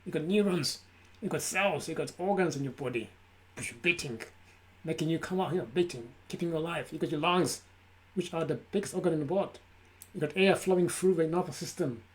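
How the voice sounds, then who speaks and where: A man's voice: on the high side, a little fast. Emphatic man giving a mindfulness pep talk. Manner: emphatic, repetitive lists. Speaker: self-help speaker. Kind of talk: live motivational talk. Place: his room. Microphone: camera.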